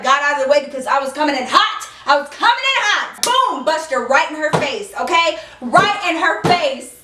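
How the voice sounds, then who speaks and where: On her vlog, a young woman recounts a heated story with lots of emphasis, performing the scene, yelling the quoted lines and dropping frequent fillers like "like" and "okay?". Her voice is high, captured on a distant mic in an echoey room with background noise.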